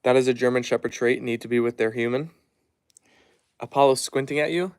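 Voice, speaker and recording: A man casually chatting on a live stream at home, reading viewer comments aloud and softly hushing his dogs. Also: mid-range voice, steady tone, fairly quick, clear, resonant tone. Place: at home, down in the basement.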